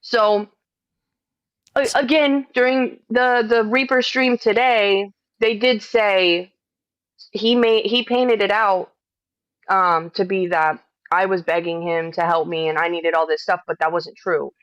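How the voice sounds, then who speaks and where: A woman's voice: medium pitch, fairly even intonation, measured pace, no echo. Exasperated swearing woman on a cheap mic. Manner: exasperated, swears often, hesitant restarts. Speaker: streamer responding to accusations. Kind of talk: livestream chat. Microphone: cheap microphone. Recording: dull lo-fi mic.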